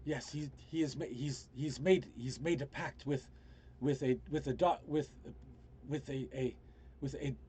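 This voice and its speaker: A man voicing a worried older male scholar and father, speaking in halting, hesitant bursts over an online voice call. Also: medium pitch, fairly even intonation, warm tone, husky. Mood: grave.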